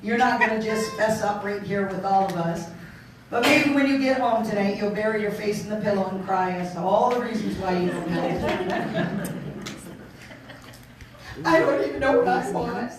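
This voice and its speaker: A woman pastor preaching a sermon in a lively, playful way, acting out voices and laughing along. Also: mid-range voice, normal speed, a crowd in the background. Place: church hall. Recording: echoey hall, mic far off.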